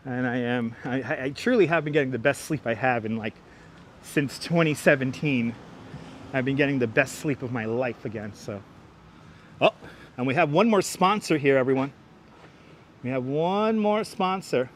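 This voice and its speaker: The livestream host speaks in a mid-range voice at a moderate pace, leaving long pauses. He is outdoors on a city street with a wireless clip-on mic, chatting casually in a rambling way and frequently repeating himself.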